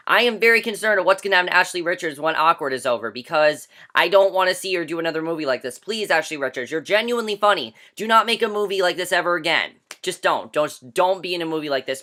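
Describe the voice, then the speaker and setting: Young male reviewer with a bright, sharp voice, ranting with emphatic, exasperated delivery full of "like" fillers. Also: high voice. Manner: emphatic and exasperated, heavy use of "like". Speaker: movie reviewer. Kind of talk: casual ranting movie review.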